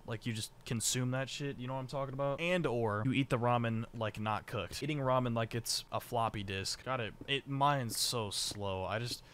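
A young man streaming a game live and commenting as he plays, rambling and swearing, with sudden shouts of surprise. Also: medium pitch, normal speed, few pauses, a little hiss or hum. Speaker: gaming streamer.

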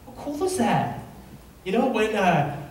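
A man's voice: high-pitched, sing-song, a little slow, darkish tone. Middle-aged guy preaching in a big echoey church, kinda rambly and chatty, a little faint hum behind. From Reno, Nevada, USA. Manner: casual, rambling storytelling with acted-out quotes. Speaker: pastor. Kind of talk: sermon. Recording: very echoey hall, mic at a distance.

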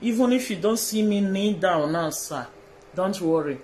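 A Nigerian man with a notably high-pitched voice records a pleading, deferential video message. He keeps repeating phrases and slides between pidgin and colloquial English. A faint hiss of background noise sits under his voice. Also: lively intonation, normal speed, darkish tone. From Edo State, Nigeria. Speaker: social media personality. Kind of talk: direct-address video message.

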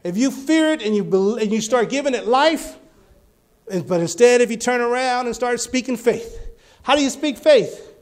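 A male preacher giving a sermon, telling healing stories and rising to loud, fervent exclamations. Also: very high-pitched, animated, normal speed.

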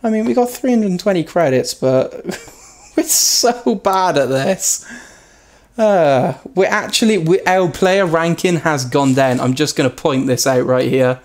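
A man commenting on his own racing gameplay, joking at his own expense and yelping loudly when he crashes. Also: animated, normal speed. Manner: self-mocking, yelps high when crashing. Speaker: gaming YouTuber. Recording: loud background noise.

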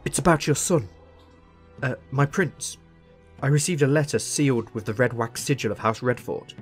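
A man's voice: mid-range voice, moderate pace, soft background music, lightly acted. A man voicing an out-of-breath maester who stammers out grave news. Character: out-of-breath older male maester bearing grim news.

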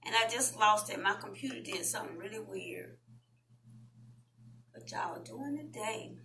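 A woman with a Southern US accent, chatting casually with viewers as a vlogger and reading an article aloud in a slow, deliberate way. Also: mid-range voice, gravelly, bright, forceful tone, rough recording.

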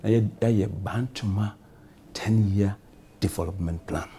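A man's voice: on the low side, unhurried, mellow, a little hiss or hum. A Ghanaian man, a member of parliament, answering in a talk show interview with rambling, repetitive answers. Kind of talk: talk show interview, mixing English and Twi.

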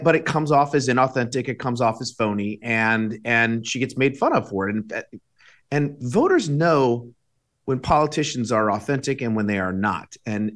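Middle-aged guy, talk show guest, average pitch, halting and thoughtful, lots of restarts. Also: a bit bright. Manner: measured, with many restarts and fillers. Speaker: guest commentator. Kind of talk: casual political commentary.

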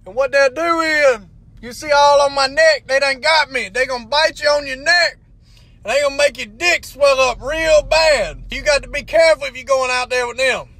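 Loud, bright-voiced man ranting. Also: extremely high pitch, moderate pace. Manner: loud, crude, drawling storytelling. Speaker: comedian. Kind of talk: comedic rant to camera.

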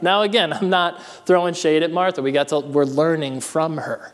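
A man's voice: fairly high pitch, moderate pace, hardly any pauses, long reverb tail. A man preaching a sermon as pastor, reading scripture and then calling out to his congregation with building energy. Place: church sanctuary.

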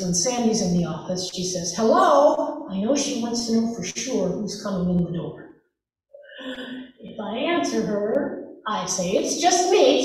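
Lady pastor giving a slow sermon, goes soft and quiet on the quotes, big echoey church, mic far off. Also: on the high side. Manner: gentle storytelling, softening to a hush for quoted words. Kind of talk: sermon retelling a gospel story. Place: church sanctuary.

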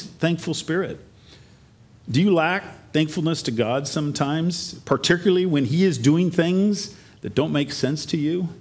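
Man preaching an earnest sermon. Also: a little high. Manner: earnest preaching, rhetorical questions to the congregation. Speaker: pastor. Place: church sanctuary.

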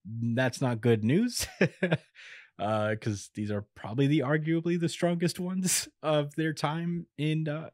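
Fairly high in pitch with a darkish tone, this young man co-hosts a podcast and recaps a manga chapter laid-back style. He chuckles a lot and performs quotes in quick snippets. His podcast microphone captures studio-quality audio without room sound.

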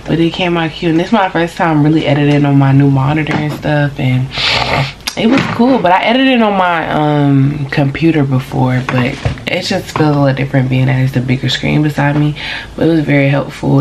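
A woman's voice: deep voice, vocal fry, noisy background. A young woman chatting casually to her viewers in a vlog, slangy and talkative, with a sore neck and back. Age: young adult. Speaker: vlogger. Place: in a car.

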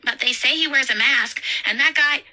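A woman's voice: high voice, normal speed, sharp tone, voice pushed up, low-quality recording. A woman reading a story aloud and voicing a timid young coworker who pleads and whines in fear. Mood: scared. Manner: fearful, pleading, whiny.

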